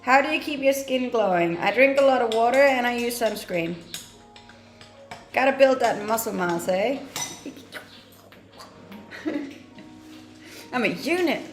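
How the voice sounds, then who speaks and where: A woman's voice: on the high side, unhurried, long pauses. A woman in her twenties from Denmark, casually chatting and teasing as she reads viewer comments on her livestream, laughing often. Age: 20s. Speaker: livestream host. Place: home kitchen. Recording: echoey room with faint music.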